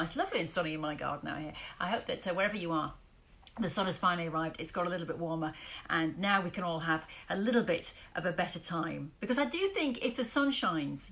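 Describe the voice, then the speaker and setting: A woman hosting a casual live sewing chat from her garden, chatty and upbeat, with sudden high exclamations. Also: fairly bright tone. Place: outdoors in a garden.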